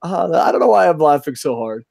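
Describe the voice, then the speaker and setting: Reading viewer comments aloud on a casual live-stream, this middle-aged podcast host, who lives in Japan, swears without restraint, cracks jokes, and laughs often. His fairly high, creaky voice has a darkish tone and big swings in pitch, and he speaks briskly. The sound is studio quality with no echo.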